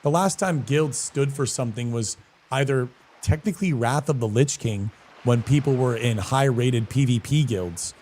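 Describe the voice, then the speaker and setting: Male streamer, casual slangy chat with viewers, mid-pitched, animated delivery. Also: moderate pace, a little hiss or hum. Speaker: streamer and guild leader.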